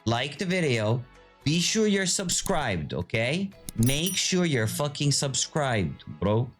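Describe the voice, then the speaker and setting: A man hosting his own video, giving casual live commentary to his viewers in an excitable, profane, teasing way. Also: medium pitch, slow, faint music behind. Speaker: video host.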